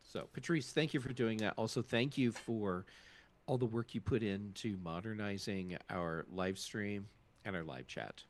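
A man's voice: fairly low pitch, normal speed. A man hosting a casual tech podcast, upbeat and loose with lots of fillers as he thanks the sponsor and wraps up. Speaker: podcast host.

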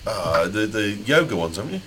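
Man, podcast host, low voice, joking, lots of ums, faint hum. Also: big pitch swings, a little fast, fairly bright tone. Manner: joking, hesitant with many fillers. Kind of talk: casual tech chat.

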